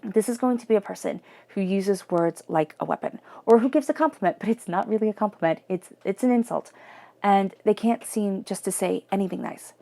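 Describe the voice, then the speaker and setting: Gravelly-voiced woman doing a tarot reading. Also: mid-range voice, brisk. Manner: chatty, emphatic, softly murmured invocations. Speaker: tarot reader. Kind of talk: casual tarot reading monologue.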